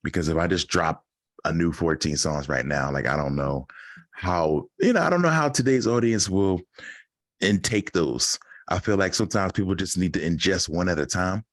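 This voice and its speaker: A man chatting casually as a guest in an interview, laid-back and quick to laugh, about his music and plans. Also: low voice, no echo, studio quality. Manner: laid-back, laughs often, acts out quoted voices. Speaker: podcast guest, rapper.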